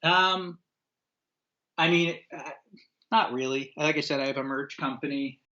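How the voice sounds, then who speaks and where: With a slightly high voice and a measured pace, a man from upstate New York tells an anecdote as a podcast guest, and the recording is muffled. Formerly a record label owner, he's an animated storyteller who performs the quotes and fills his speech with fillers.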